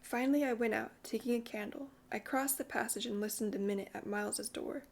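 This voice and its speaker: A woman narrating a classic ghost story audiobook in a measured, hushed way. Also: on the high side, steady tone.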